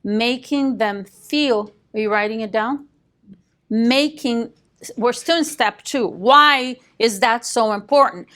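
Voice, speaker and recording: A woman with a slightly high voice leads a live sales coaching class. She talks in a firm, direct way and keeps checking on her listeners with quick questions. Now and then she drops in a dry joke. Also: a bit bright. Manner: emphatic, quizzes listeners with rhetorical questions. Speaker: real estate sales coach.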